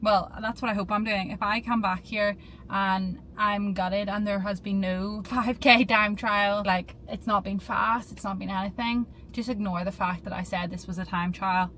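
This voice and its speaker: A woman's voice: medium pitch, fairly even intonation, moderate pace, fairly bright tone, a little hiss or hum. A young woman chatting casually to her camera in a vlog, talkative and nervous, filming herself outdoors and in her car. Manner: chatty, self-doubting, nervous. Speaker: vlogger.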